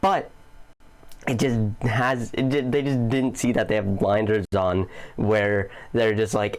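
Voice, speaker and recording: A man's voice: lowish voice, fairly even intonation, measured pace. Goofy man doing commentary. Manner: goofy, chuckling, loose and profane. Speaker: commentary channel host. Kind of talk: casual video commentary.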